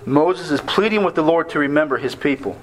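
A man preaching a sermon on a scripture passage, earnest and measured, slowing down to stress key words. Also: a little high, lively intonation, a little hiss or hum, rough recording.

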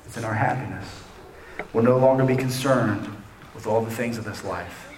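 A man's voice: lowish voice, normal speed, a little mellow, a little hiss or hum. Preaching man in a roomy space. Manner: preaching with rising emphasis on scripture quotes; asks the congregation direct questions. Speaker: pastor. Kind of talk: sermon. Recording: roomy echo.

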